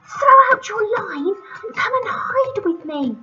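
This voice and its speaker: A woman voicing a tiny, helpful female house spider in a squeaky, high voice for a storybook reading, on a muffled lo-fi recording. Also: very animated, measured pace, sharp tone, distant mic, full character voice. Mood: urgent, helpful.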